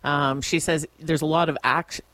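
A woman co-hosting a radio show, relaxed, summarizing a story with plenty of fillers and soft hums. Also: low-pitched, moderate pace, no echo. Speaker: radio co-host. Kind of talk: casual radio chat. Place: radio studio. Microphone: studio microphone.

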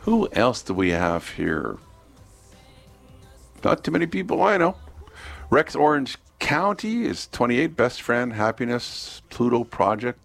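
A man's voice: medium pitch, big pitch swings, a little slow, creaky, fairly bright tone, faint music behind. A man hosting a radio morning show, chatting casually and reading out birthdays and dates on a studio mic. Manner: chatty, reads out dates and birthdays, jokes around. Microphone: studio microphone.

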